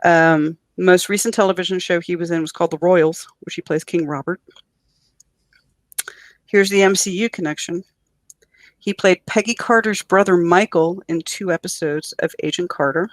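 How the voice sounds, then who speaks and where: A woman writer as a guest on a podcast, telling an excited story about her audiobook. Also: fairly low pitch, normal speed, dry recording. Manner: animated storyteller. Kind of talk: podcast interview.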